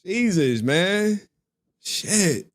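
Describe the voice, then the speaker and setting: A man live streaming and chatting loosely with his viewers, his pitch swinging high and low as he talks. He swears freely and grumbles about his chat, in a casual, rambling way. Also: sing-song, drawn-out words.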